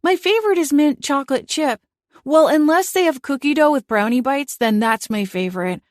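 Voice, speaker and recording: A woman's voice: sits high, normal speed, no echo, studio quality, voice pushed up, close to an everyday voice. A woman voicing a timid, childlike male animal familiar who rambles eagerly in a cozy audiobook.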